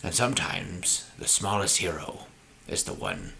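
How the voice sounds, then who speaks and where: A man voicing an eloquent movie narrator in a low, hushed storytelling delivery. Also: lively intonation, unhurried, vocal fry, slight background noise, exaggerated voice. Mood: solemn.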